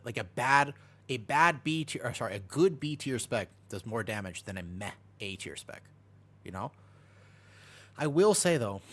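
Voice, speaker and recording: A young man talks loosely over a live game stream, bouncing from one topic to the next and often breaking into laughter. His pitch swings up and down a lot as he answers chat. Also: fairly bright tone. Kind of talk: casual live-stream commentary while gaming.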